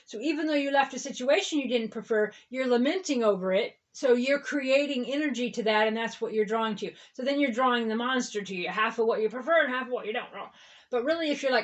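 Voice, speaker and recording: A woman's voice: fairly high pitch, quick pace. A woman reverend giving a rambling spiritual talk in a conversational way, often checking in with "okay?" and "right?". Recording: dull lo-fi recording.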